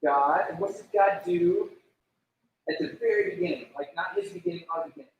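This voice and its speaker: A youth pastor delivers a casual sermon, his high-pitched voice swinging wildly in pitch at a fairly quick clip. He talks conversationally, saying "like" constantly, asking the room questions and acting out prayers in little voices. The lo-fi recording, made from far off in an echoey room, carries a little hiss or hum.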